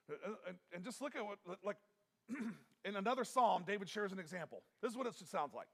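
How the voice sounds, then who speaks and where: A man with a gravelly, fairly high voice preaches a sermon. He talks earnestly and emphatically, repeating himself and restarting his sentences as he drives a point home. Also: animated, fairly quick. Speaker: pastor.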